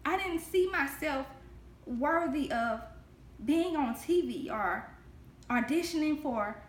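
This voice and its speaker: A woman with a high voice delivers a spoken Christian devotional straight to the viewer. She talks in an earnest, heartfelt way and leans on repeated phrases for emphasis. The sound carries a noticeable room echo. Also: lively intonation, slow. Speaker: devotional host. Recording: echoey room.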